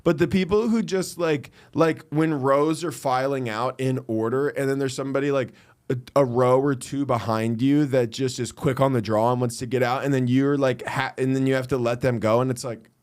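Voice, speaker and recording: A man talking casually on a comedy podcast, making dry jokes and quick asides. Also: medium pitch, fairly even intonation, a little mellow. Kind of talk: casual chat.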